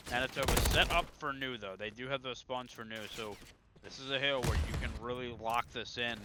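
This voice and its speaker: A man's voice: mid-range voice, a little fast. A man giving color commentary on a video game match, breaking plays down and sometimes stumbling over his words. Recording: noisy game audio behind.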